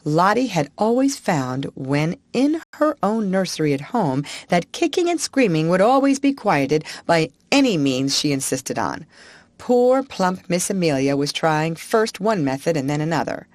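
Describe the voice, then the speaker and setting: A woman narrating a classic children's storybook in an expressive, animated reading. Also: lowish voice, a little slow, dry recording. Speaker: audiobook narrator.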